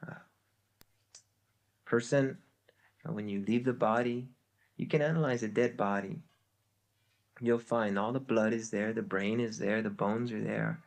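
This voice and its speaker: A man's voice: mid-range voice, gravelly. A man teaching a spiritual lecture with a story, hesitant with many fillers and a wry humor.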